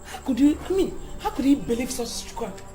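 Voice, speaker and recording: An actress playing a calm friend who probes and reassures. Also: female voice, high-pitched, normal speed, soft background music. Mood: reassuring. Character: calm, sensible female friend. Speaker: confidante. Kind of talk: Nollywood film acting.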